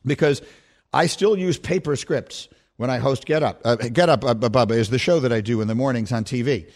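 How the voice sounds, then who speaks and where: A middle-aged man hosting a sports radio show, telling stories in a playful, animated way and laughing often. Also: medium pitch, brisk. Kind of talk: casual sports radio chat.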